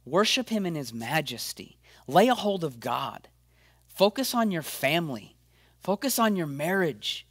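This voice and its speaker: A man preaching an encouraging sermon as pastor in a church video update, energetic and acting out the voices of people he quotes. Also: fairly high pitch, no room sound, studio quality.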